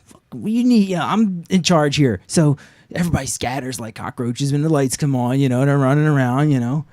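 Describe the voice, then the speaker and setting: A man spins an improvised comic story on a live stage, rambling through fillers and curses. His delivery swings between loud outbursts and low asides. The sound is dry and close, with no room echo. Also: fairly quick. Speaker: actor and co-host.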